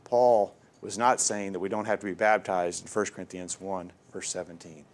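A man's voice: deep voice, fairly even intonation, normal speed. A man preaching a sermon, reading scripture aloud with earnest emphasis.

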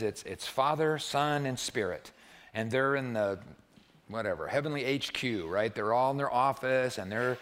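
A man's voice: fairly low pitch, fairly bright tone. Male pastor, church sermon, conversational, joking, keeps asking "right?". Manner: conversational and humorous, often asks the listeners "right?".

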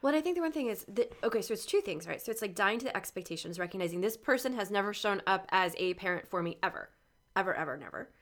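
A woman's voice: medium pitch, lively intonation, fast. A woman hosting a podcast interview, speaking in a heartfelt, candid way. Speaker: podcast host. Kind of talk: conversational interview.

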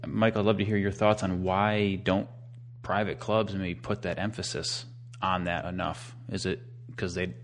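Man, podcast host, chatty, low voice, faint hum behind. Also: flat delivery, normal speed. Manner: chatty, laughs easily, asks long rambling questions. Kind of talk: casual podcast interview.

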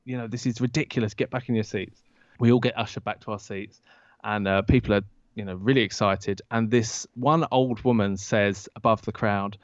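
A man, a podcast guest and author, telling an anecdote in an interview and acting out the quoted lines with lively jumps in his voice. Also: on the low side, moderate pace, dry recording. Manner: lively storyteller who acts out quoted lines. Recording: dull lo-fi dry sound.

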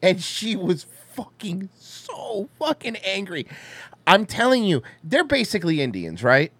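A man's voice: high-pitched, measured pace, husky. A male podcast co-host tells a crude travel story, his voice climbing and dropping a lot as he acts out the people in it. The sound is dry and close, with no room echo. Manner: crude, animated storytelling with acted-out quotes. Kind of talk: casual storytelling chat.

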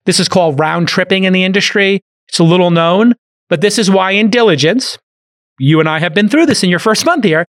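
A man's voice: high voice, a little fast. A man from Brooklyn hosting a podcast, chatting casually and telling stories with jokey asides. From Brooklyn, New York. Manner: animated, jokey storytelling with frequent asides. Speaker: podcast host. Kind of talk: casual business podcast chat.

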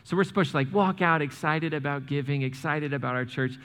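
Animated pastor in a reverberant hall. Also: male voice, fairly high pitch, fairly quick. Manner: animated, repeats and restarts words, talks directly to the congregation. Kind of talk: sermon with church announcements. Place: church sanctuary.

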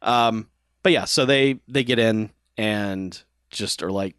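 A man casually recapping a movie with a friend, relaxed, laughing along and supplying plot details. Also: lowish voice, takes it slowly, clear, resonant tone, no room sound, studio quality.

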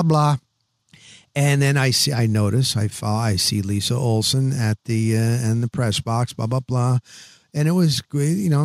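A man in his sixties, a veteran sports reporter, telling stories on a podcast in an animated, rapid-fire way, full of "boom" and "blah, blah, blah". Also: dry recording, clean studio sound. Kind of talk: casual podcast storytelling.

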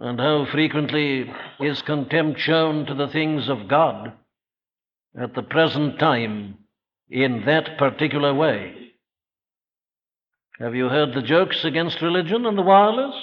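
Man, preacher, fairly high voice, earnest rhetorical questions, slows for emphasis, muffled lo-fi old recording. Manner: slows down to stress key phrases. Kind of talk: evening sermon. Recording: dull lo-fi old sermon recording.

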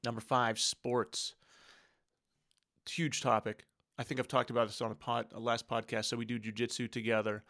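A man in his thirties hosts a casual solo podcast about family life, speaking earnestly and conversationally and voicing his inner thoughts as quotes. His medium-pitched voice is fairly bright, with little pitch movement and a normal speed.

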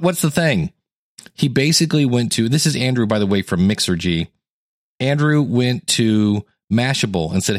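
A man's voice: lowish voice, no echo, studio quality. A man hosting a solo podcast on how to podcast, talking conversationally and enthusiastically and acting out quotes. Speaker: podcast coach and host. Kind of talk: solo educational podcast monologue.

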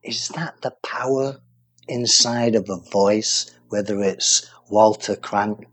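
A man's voice: on the low side, slow pace, a bit bright, breathy edge. A man from England co-hosting a casual music chat show, talking in a rambling, enthusiastic way. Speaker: radio show co-host.

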